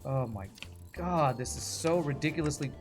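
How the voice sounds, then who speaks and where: A man's voice: on the high side, moderate pace, soft background music. A man streaming a video game, commenting live in a frustrated, swearing rant while apologizing to the ship's designer.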